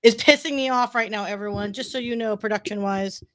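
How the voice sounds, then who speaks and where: High-voiced blunt joking woman producer. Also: a little fast, a bit bright. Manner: blunt, joking, frustrated with tech. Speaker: show producer and co-host. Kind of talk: casual livestream chat.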